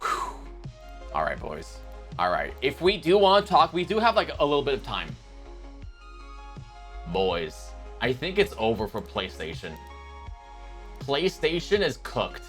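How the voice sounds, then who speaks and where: A man streaming live, chatting casually with his viewers in a rambling, animated way. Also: medium pitch, measured pace, pauses often, soft background music. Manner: rambling, animated, talks to chat as "boys".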